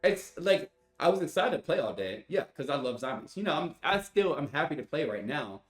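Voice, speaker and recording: A young gaming streamer with a fairly high voice and big pitch swings rants profanely to his chat at a fairly quick clip. Exasperated, he lets out heavy sighs. The recording is roomy and echoey with faint music.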